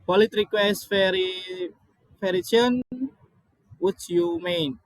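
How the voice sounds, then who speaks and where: Guy reading slides in shaky english, not his first language, highish voice, slow, stops and restarts a lot. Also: fairly even intonation, no room sound, low-quality recording. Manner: halting, many restarts and apologies.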